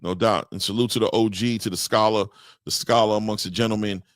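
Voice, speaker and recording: A man hosting a casual boxing chat show, talking loosely with repeats and shout-outs. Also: on the low side, steady tone, quick pace, dry recording, studio quality. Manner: loose, repetitive, hypes guests with shout-outs. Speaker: podcast host.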